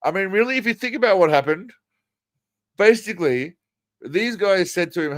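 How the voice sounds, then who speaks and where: A man's voice: high voice, expressive, normal speed, long pauses, dry recording. A man hosting a casual livestream, commenting on clips in a crude, mocking, rambling way. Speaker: livestream host.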